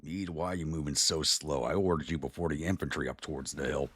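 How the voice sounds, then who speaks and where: Deep-voiced man urging his troops. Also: steady tone, quick pace, fairly bright tone, slightly rough, no echo. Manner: talks to his units aloud, urging and musing. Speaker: gaming channel host. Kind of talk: strategy game commentary.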